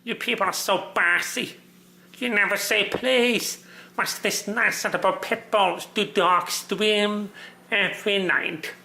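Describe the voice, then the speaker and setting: A man voicing a childlike sock puppet that reads a picture book aloud in a slow, sing-song way. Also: high-pitched, fairly even intonation, vocal fry, bright, forceful tone, roomy sound, heavily acted. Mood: playful.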